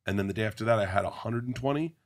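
A man's voice: fairly low pitch, very fast. A man in his forties, a comedian guest telling a profane comic story, laughing as he goes. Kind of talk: comic storytelling on a talk show.

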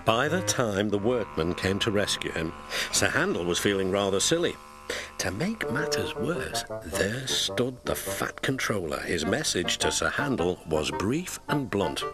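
Expressive British man telling a story. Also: low-pitched, a little slow. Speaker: narrator. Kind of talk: storybook narration. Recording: narration with music behind.

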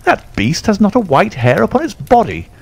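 A man's voice: medium pitch, wildly swooping pitch, normal speed, vocal fry, darkish tone, slightly rough, voice pushed up, full character voice. A man voicing an agitated older male colonel in an audiobook, with a strained, exclamatory manner. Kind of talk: audiobook character voice.

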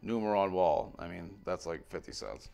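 Male vlogger, low and gravelly, casual pack-opening chatter, mutters card names, swears freely. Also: moderate pace. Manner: rattles off card names, swings between muttering and excited outbursts, swears freely. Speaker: card pack opener on a video channel.

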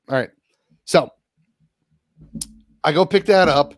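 A man's voice: fairly high pitch, measured pace, long pauses, no echo, studio quality. A man co-hosting a podcast, telling a long story and swearing constantly. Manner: swears constantly, animated retelling. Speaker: podcast co-host. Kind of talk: casual profane storytelling.

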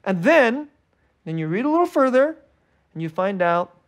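A man delivers a sermon in a chatty, unpolished way, his fairly high voice rising on emphatic points and sinking to near-murmurs on tender ones. He laughs between phrases as he talks. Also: sing-song, normal speed. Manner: conversational preaching, swinging between bright and hushed. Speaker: pastor.

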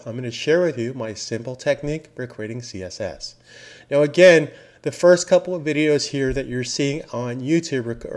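A man teaching web design software, narrating a screen recording in an upbeat, emphatic way and repeating key phrases. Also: medium pitch. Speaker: software trainer.

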